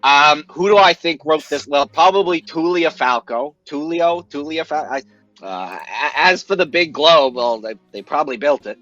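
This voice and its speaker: A man's voice: on the high side, animated, normal speed, sharp tone, no echo, dull audio, faint music behind. A man playing a tabletop game in character, pushy and sleazy, stumbling over restarts. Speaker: player. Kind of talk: in-character tabletop role-play.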